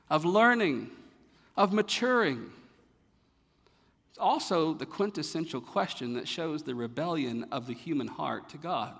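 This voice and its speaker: In a long, reverberant hall, a male pastor delivers a sermon at a moderate pace, expressively climbing to emphatic rhetorical questions before sinking into a quiet, low delivery.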